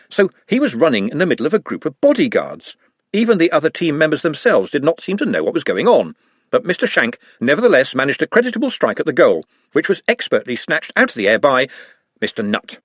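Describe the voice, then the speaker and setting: A man's voice: on the high side, a little fast, no room sound. A man reading a comic novel aloud as scripted narration, telling it expressively. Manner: lively, expressive storytelling. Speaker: audiobook reader.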